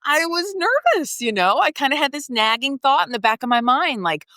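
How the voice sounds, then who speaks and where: A woman's voice: sits high, very animated, moderate pace, sharp tone, no room sound, studio quality. A woman podcast host, guiding a reflection exercise and telling a personal story in a conversational way, often saying "like" and laughing.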